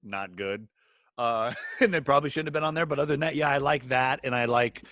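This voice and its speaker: A man co-hosting a podcast, telling stories in a halting, rambling way with lots of restarts. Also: mid-range voice, a bit bright, no room sound. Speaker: podcast co-host. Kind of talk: casual comedic chat.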